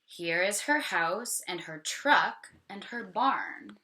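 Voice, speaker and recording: Slow, bright-voiced teacher reading aloud. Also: female voice, mid-range voice, lively intonation. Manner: slow, questioning, explaining. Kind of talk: read-aloud for young children.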